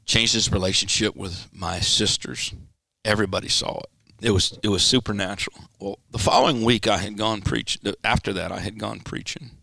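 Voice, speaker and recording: A man, a pastor, telling a personal story in an interview and acting out the quoted dialogue with sudden pitch jumps. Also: fairly even intonation, moderate pace, vocal fry, few pauses, bright, forceful tone, dry recording, studio quality. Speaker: pastor, guest. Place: church studio.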